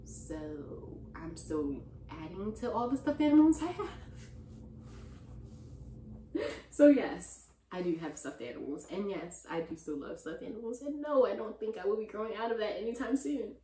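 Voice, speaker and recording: A young woman chatting casually in a vlog Q&A, relaxed and slangy, in a room full of stuffed animals. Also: medium pitch, normal speed. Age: young adult. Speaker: vlogger. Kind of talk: casual Q&A chat. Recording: roomy echo.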